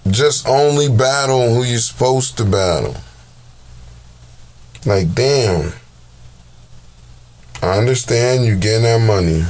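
A man's voice: on the low side, a little mellow. A man giving casual, profane commentary on battle rap videos, exasperated and heavy on slang.

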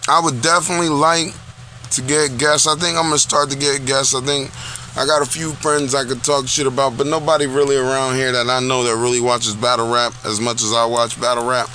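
A man on a loose, foul-mouthed rant, hammering each point home again and again. His voice is bright and forceful, pushed hard at the front. He is talking straight to his own audience. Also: mid-range voice, little pitch movement, brisk, a little hiss or hum. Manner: blunt, profane, repetitive ranting. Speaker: vlog host. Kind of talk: casual profane rant. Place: small town.

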